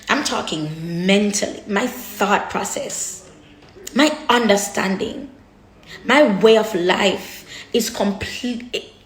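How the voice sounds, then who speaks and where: Her voice medium-pitched and a bit bright, a woman vlogger speaks slowly and candidly to camera. She gets emotional and blunt with her viewers, swears a lot, and keeps repeating herself as she searches for words, all in an echoey space.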